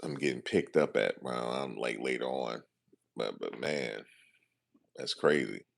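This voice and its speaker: A man's voice: very deep voice, unhurried, vocal fry. A man vlogging casually, telling a story in loose American slang with lots of asides. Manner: animated, slangy, lots of "you know what I'm saying".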